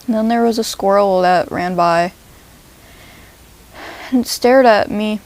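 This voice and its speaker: A woman telling a rambling, absurd comedic story in a deadpan way. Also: mid-range voice, takes it slowly, low-quality recording.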